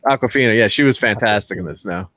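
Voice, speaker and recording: A man's voice: fairly low pitch, fast talker, sharp tone. A man hosting a casual movie review chat, rambling and laughing often. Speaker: host.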